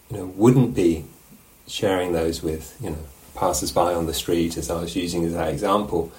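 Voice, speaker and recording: A man teaching meditation in a relaxed, conversational dharma talk, often checking in with his listeners. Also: low-pitched.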